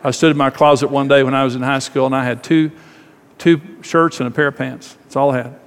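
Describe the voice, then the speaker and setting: A man's voice: medium pitch, little pitch movement, brisk, smooth, in a large hall, some chatter behind. A man preaching a sermon as a pastor, talking conversationally, acting out quoted voices and repeating phrases.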